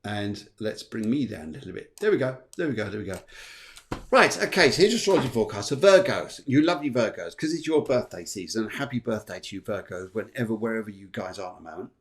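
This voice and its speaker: A man's voice: on the low side, sing-song, fast talker. A man hosting a live astrology show, chatting playfully and reading out viewer comments. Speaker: host.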